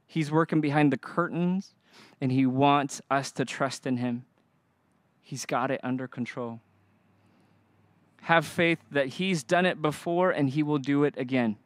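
A young adult pastor preaches a sermon in a higher-pitched, unhurried voice, recorded with no echo. He is earnest and emphatic, calling on the congregation to respond.

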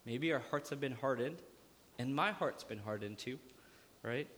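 Pastor preaching in a reverberant hall. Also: male voice, mid-range voice, moderate pace, a little hiss or hum. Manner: lively preaching with jokes and acted-out asides. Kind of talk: sermon. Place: church hall.

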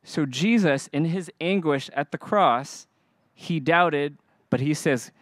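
A man's voice: a little high, takes it slowly, no room sound, studio quality. A young adult man preaching a sermon, earnest and emphatic, asking the congregation to respond. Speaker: pastor.

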